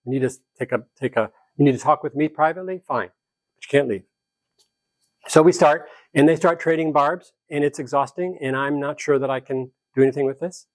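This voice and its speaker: A man speaking as a conflict mediator at a seminar, telling a story with animated energy and acting out the people in it. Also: a little high, fairly quick, dry recording. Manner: animated, acts out quoted dialogue in the story. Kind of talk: storytelling lecture to a live group.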